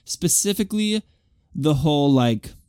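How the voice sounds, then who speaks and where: An animated male podcast co-host tells things in a jokey, dramatic style. His voice is close and dry, with no room sound at all. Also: a little high, measured pace, clear, resonant tone, dry recording. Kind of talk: casual pop-culture chat, reading a listener letter.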